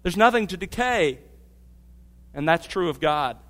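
A middle-aged pastor's sermon, echoing with the long reverb of a church hall, mixes earnest teaching with stories about his family. He sounds animated yet a little slow, his slightly high voice carrying a fairly bright tone.

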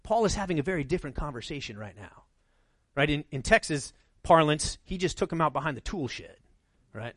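High-voiced conversational male pastor. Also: animated, fairly quick, no room sound. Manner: conversational, rhetorical, asks "right?" often. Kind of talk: sermon.

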